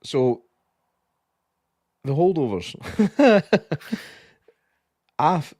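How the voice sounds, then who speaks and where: A young Scottish man co-hosting a podcast, chatting casually about a film, sweary and animated, often slipping into impressions. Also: a little high, drawn-out words, no room sound, studio quality. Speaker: podcast co-host. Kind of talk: casual film review chat.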